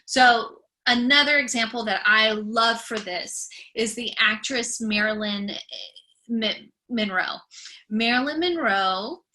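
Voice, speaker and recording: A woman's voice: on the high side, slow, bright, forceful tone. A young adult woman giving a recorded classroom lecture, speaking with a stutter and repeating the starts of words. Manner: stutters with part-word repetitions.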